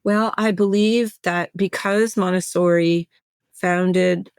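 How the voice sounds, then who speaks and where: This is a middle-aged woman, a guest on a podcast, who talks about education in a warm, affirming way. Her voice sits low with a gravelly texture. The recording is dry and close. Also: steady tone, slow pace, dry recording. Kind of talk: interview conversation.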